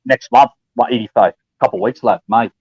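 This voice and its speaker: A man chatting casually on a live stream call, relaxed and slangy, often repeating his words. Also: medium pitch, brisk, lo-fi sound. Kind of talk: casual chat.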